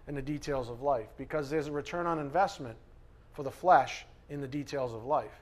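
A male pastor delivering a sermon to his congregation in a conversational way, pressing hard on key words and then dropping into soft, quiet asides. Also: medium pitch, a little fast. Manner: conversational, emphatic preaching, swings between loud stresses and soft asides.

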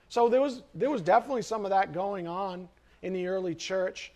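A man preaching a sermon in an animated way, reading scripture and acting out everyday conversations. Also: sits high, fairly quick. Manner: animated, acts out quoted voices. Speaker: pastor.

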